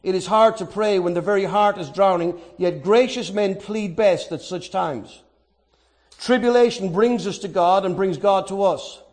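Male pastor, middle-aged, very high voice, earnest sermon delivery that leans on key words. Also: normal speed, a little mellow.

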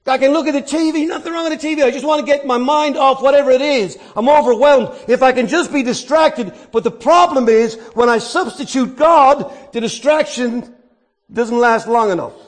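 High-voiced male preacher. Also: moderate pace. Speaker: pastor. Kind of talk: sermon.

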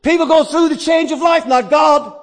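A man preaching a sermon, dynamic, swinging from quiet asides to shouted points and answering his own questions. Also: very high voice, normal speed.

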